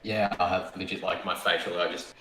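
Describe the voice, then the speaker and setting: A man's voice: low voice, steady tone, brisk, fairly bright tone. A man, co-hosting a podcast and telling a rambling, self-deprecating story in casual chat. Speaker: podcast co-host. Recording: roomy mic with faint background noise.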